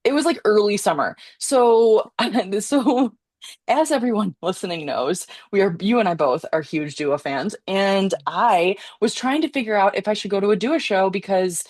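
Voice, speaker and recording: A woman's voice: mid-range voice, moderate pace, a little mellow, dry recording, studio quality. A young woman co-hosting a podcast, telling a rambling story in a chatty, giggly way. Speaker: podcast co-host. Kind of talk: casual chat.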